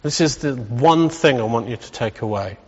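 Emphatic preacher in a reverberant hall. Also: male voice, mid-range voice, lively intonation, moderate pace, husky. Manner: emphatic, building to rousing repetition. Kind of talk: sermon. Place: church hall. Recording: dull reverberant church hall.

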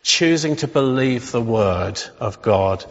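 A man's voice: medium pitch, expressive, takes it slowly. A man preaching a sermon as pastor, earnestly encouraging the congregation and leading them in prayer and declarations. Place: church hall. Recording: dull sound with long hall reverb.

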